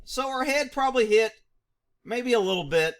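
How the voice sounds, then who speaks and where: A man's voice: very high voice, expressive, moderate pace. A middle-aged man commenting on a video clip, mocking it and laughing constantly between phrases. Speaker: vlog host.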